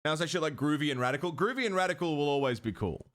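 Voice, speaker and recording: A man's voice: a little high, animated, racing, a bit bright. A man from Australia with an Australian accent, a live streamer chatting casually with his viewers in a joking, sweary way.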